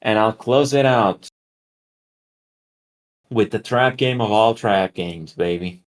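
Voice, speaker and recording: A man's voice: lowish voice, slow pace. A man co-hosting a casual sports betting podcast, teasing his co-host and joking about his picks.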